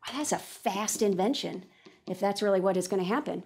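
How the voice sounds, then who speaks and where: A teacher trainer gives a think-aloud demonstration before a classroom audience, reading a text and voicing her thoughts on it as she goes. Her mid-range voice is fairly quick and a little rough, and she moves animatedly between reading and reflecting.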